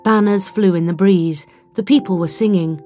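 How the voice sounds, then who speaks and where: A woman reading a science fiction story aloud in an even storytelling delivery. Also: lowish voice, moderate pace, faint music behind. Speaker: audiobook narrator. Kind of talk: scripted narration.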